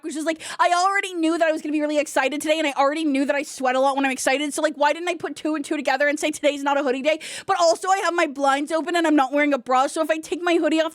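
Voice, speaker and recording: A young woman streaming, chatting casually in a rambling, excitable way and often dissolving into laughter. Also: high voice, dry recording, clean studio sound. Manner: giggly, rambling and excitable, breaks into laughing shrieks. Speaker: VTuber streamer.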